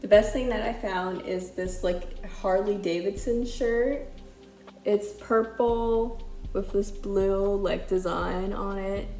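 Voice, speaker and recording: A woman's voice: medium pitch, fairly even intonation, takes it slowly, dark tone. A young woman vlogging casually about a thrift haul, chatty and loose with lots of filler words, a little out of breath. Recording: echoey room with faint music.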